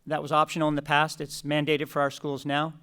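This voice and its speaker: A man presenting school attendance plans to a committee, speaking in a measured, explanatory way. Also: on the high side, completely flat delivery, sharp tone, clean tone. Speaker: school district official presenting. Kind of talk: formal presentation at public meeting.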